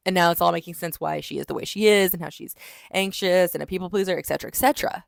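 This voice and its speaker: A woman with a lowish, gravelly voice recaps a romance novel in a chatty, animated way. She jumps in and out of quick character voices. The sound is dry and close. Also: dry recording. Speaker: book reviewer. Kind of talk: casual book review monologue.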